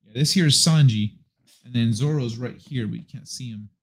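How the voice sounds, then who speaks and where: Speaking at normal speed in a medium-pitched voice with a breathy edge, a livestream host talks to his viewers from a desk microphone in his apartment living room. His chat is rambling, laid-back and full of swearing.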